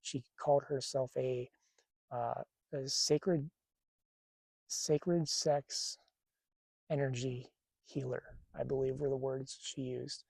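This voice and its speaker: A man's voice: mid-range voice, steady tone, slow pace, creaky, pauses often, darkish tone, slightly rough, no echo. A man telling a personal spiritual story in a casual, rambling way, with many fillers and restarts. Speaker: spiritual channeler.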